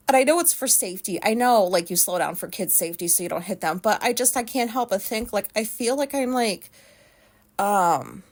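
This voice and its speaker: A woman vlogger telling a story in a rambling, casual way, full of "like" fillers and swearing. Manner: animated, quick pitch jumps when telling a story.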